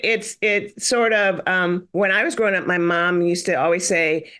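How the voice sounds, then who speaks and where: A woman's voice: fairly low pitch, fairly bright tone. A middle-aged woman physician in a podcast conversation, telling stories with animation and acting out the exchanges she quotes.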